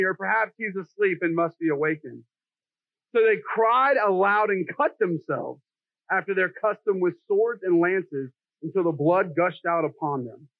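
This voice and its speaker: A man's voice: high voice, normal speed, no room sound. A middle-aged man preaching a sermon in a jokey, self-deprecating, conversational way. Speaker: pastor. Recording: dry, tinny phone-like sound.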